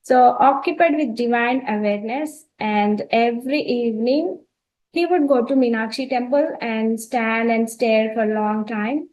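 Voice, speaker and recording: A woman's voice: on the high side, measured pace, a little mellow, rough recording. A woman with an Indian English accent, telling a spiritual life story in an earnest manner, with frequent fillers and restarts. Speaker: spiritual talk presenter. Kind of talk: storytelling talk.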